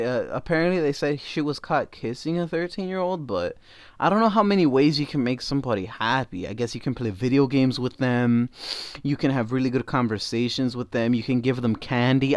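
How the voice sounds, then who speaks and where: A man's voice: medium pitch, a little mellow, clear, resonant tone, no echo. A man giving blunt, casual reaction commentary, swearing freely and padding his talk with fillers. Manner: blunt and profane, with many fillers.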